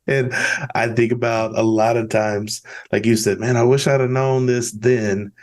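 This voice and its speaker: A man's voice: medium pitch, level tone, a little slow, a little mellow. A man hosting a podcast, chatting casually and candidly, rambling with frequent restarts. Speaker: podcast host. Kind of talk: casual conversational interview.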